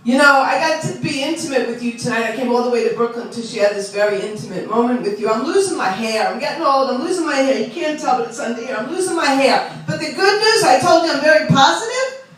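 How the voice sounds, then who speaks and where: This fast-talking comedian, a Long Island, New York woman in her 60s, has a high, expressive voice. Her chatty stand-up is self-deprecating and full of audience teasing, heard distantly in an echoey club room.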